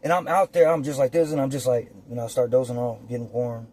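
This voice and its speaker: Man spinning a profane, animated story. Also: mid-range voice, quick pace. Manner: animated, profane, acts out scenes. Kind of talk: casual storytime. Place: outdoors. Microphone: phone or camera.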